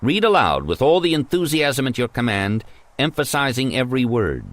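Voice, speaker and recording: A man reading an old self-help text aloud in a measured, emphatic narration. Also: mid-range voice, very animated, a bit bright.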